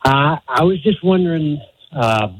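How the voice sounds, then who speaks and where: Brief: man in his sixties, phone caller, lively pitch, audible line noise. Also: unhurried. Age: 60s. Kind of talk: phone-in question.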